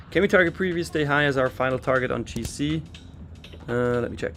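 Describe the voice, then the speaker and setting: A man's voice: mid-range voice, a little fast, fairly bright tone, faint music behind. A man raised in Switzerland hosting a live trading stream, giving casual market commentary and answering viewer chat. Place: in London for a trading expo.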